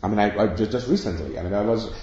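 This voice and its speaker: A man's voice: fairly low pitch, racing, darkish tone, a little hiss or hum. A man giving a spiritual discourse to an audience, explaining with everyday examples and questions. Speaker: spiritual teacher. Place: room with an audience of about sixty. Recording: echoey room, dull lo-fi sound.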